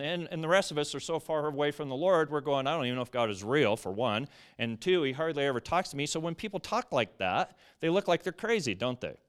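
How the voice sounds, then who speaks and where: A man preaching a sermon to a church congregation, reading scripture aloud and explaining it in an animated way. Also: a little high, smooth.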